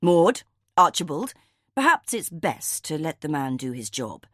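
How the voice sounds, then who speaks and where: Woman reading calm reasonable man, audiobook, placating, lowish voice, dry. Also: measured pace, no room sound, heavily acted.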